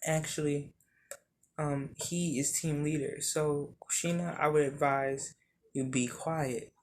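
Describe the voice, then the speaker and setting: A storyteller voicing a calm, stern male ninja in a fan story, giving measured rebukes. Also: medium pitch, slight background noise.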